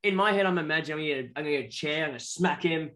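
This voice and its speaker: Australian man, guest musician, animated storyteller, slightly high voice, swears casually. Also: rapid-fire. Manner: animated, acts out other people's voices.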